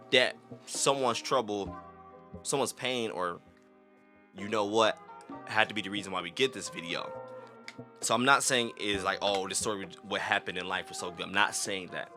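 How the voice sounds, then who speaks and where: A man hosting a reaction video, talking in an animated, slangy, excitable way. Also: lowish voice. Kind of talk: casual reaction commentary.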